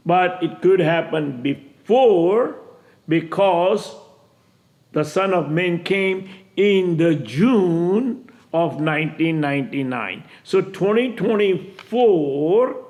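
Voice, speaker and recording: Slow-talking high-voiced man in his 60s. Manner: emphatic and repetitive, with halting restarts. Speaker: self-proclaimed messiah addressing viewers. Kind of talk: preaching monologue to camera.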